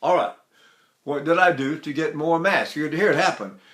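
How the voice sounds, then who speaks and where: An older man leads a singing lesson, his speaking voice pitched high and ringing bright. He talks in short, deliberate phrases and drops into sung syllable drills to demonstrate. Now and then he drifts a little away from the microphone. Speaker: voice teacher.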